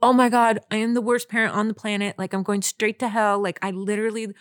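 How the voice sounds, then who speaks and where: A woman's voice: medium pitch, fast, no room sound, clean studio sound. A young woman co-hosting a podcast, telling a story in casual chat with lots of fillers and acted-out reactions. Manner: animated, lots of fillers, acts out her own reactions. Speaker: podcast co-host.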